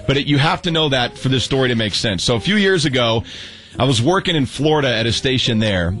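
A young adult man telling a story in casual chat, animated and acting out the quotes, with many restarts. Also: medium pitch, quick pace. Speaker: storyteller guest.

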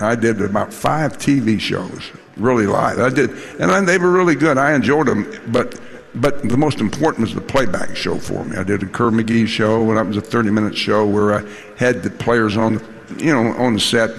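A man's voice: lowish voice, vocal fry, in a large hall. An older man telling folksy, salty anecdotes to a live audience, full of laughs and restarts. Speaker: former football coach telling stories.

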